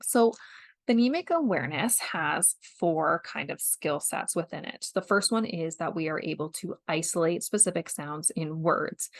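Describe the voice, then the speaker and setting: Canadian woman, young adult, parent-educator podcast host, patient step-by-step explainer, lowish voice. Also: no echo. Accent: Canadian English. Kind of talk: instructional podcast talk.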